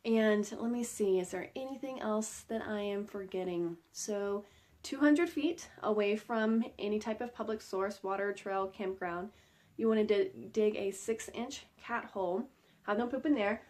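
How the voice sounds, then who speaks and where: A woman in her forties, an outdoor educator, giving a casual how-to talk and telling a personal story in a chatty, animated way with light laughs. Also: mid-range voice.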